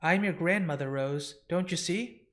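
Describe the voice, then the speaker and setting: A man voicing a frail elderly woman who speaks softly and fondly. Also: fairly high pitch, moderate pace, lightly acted. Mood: tender. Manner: soft, fond, apologetic.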